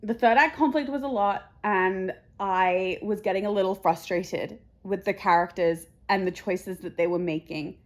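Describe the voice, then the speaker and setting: A teary, emotional woman book vlogger talking to camera, halting and repeating herself softly. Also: medium pitch. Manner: halting, repeats herself, soft trailing phrases. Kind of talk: casual chat to camera.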